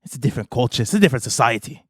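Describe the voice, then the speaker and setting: A man's voice: mid-range voice, very fast, husky, no room sound. Guy game-mastering, laid back with lots of ums, medium voice, dry close sound. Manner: relaxed, hesitant with fillers. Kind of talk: narrating a tabletop game.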